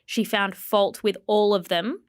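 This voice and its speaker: A woman's voice: medium pitch, fairly even intonation, a little slow, clear, resonant tone, dry recording, clean studio sound. A woman hosting a podcast, playfully retelling celebrity gossip in casual chat. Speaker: podcast host.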